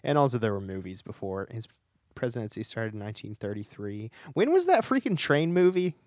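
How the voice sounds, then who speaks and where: A man's voice: lowish voice, very animated, brisk, a little mellow, no echo, studio quality. A man co-hosting a podcast, teasing his partner in casual banter. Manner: teasing, playful. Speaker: podcast co-host.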